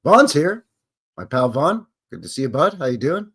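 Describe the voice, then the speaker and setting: A man's voice: on the high side, big pitch swings, moderate pace, fairly bright tone, breathy edge. Brief: Canadian stream host, loose, joking, swings up and down a lot as he talks. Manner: rambling, joking, greets chatters by name. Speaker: livestream host. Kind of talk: casual live-stream chat.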